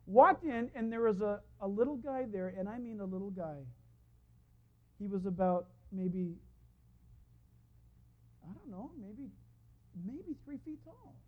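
A man preaching a sermon as a pastor, telling stories in an animated way and acting out the voices of the people he quotes. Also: sits high, unhurried, pauses often. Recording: dull lo-fi sound.

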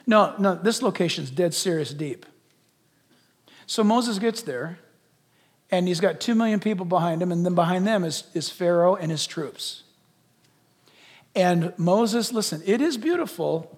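A preacher with a very high voice delivers an animated sermon. He swings from quiet, intimate asides to loud, shouted bursts. His voice carries a long reverb, as in a large church hall. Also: moderate pace, vocal fry. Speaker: pastor.

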